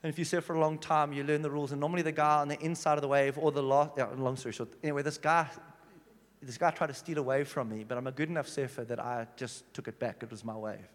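Preacher, reverberant church hall. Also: male voice, fairly high pitch, fast talker. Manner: animated storytelling, swinging from hushed to loud. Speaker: pastor. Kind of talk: sermon.

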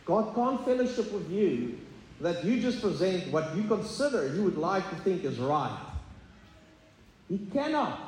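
A man's voice: fairly high pitch, darkish tone. A man preaching a sermon as pastor, earnest and confessional, often stumbling over fillers and restarts. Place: church sanctuary. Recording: echoey hall, faint ambience.

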